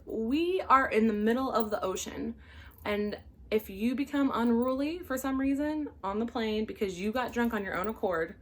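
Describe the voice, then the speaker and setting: A woman telling a casual storytime vlog as its host. Her voice sits somewhat high, and her delivery is animated and exasperated, with swearing. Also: normal speed. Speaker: flight attendant and vlog host.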